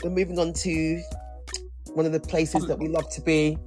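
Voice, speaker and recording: Over soft background music, a woman with a low, dark voice and level tone speaks at a moderate pace as a podcast co-host. Her casual chat is playful and rambling, full of restarted sentences.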